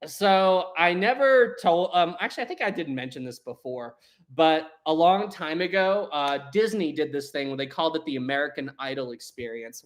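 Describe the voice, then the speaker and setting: A livestream host chatting casually, reading chat aloud, laughing often and trailing off while hunting for words. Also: mid-range voice. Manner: hesitant, lots of fillers while searching for words. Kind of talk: casual live stream chat.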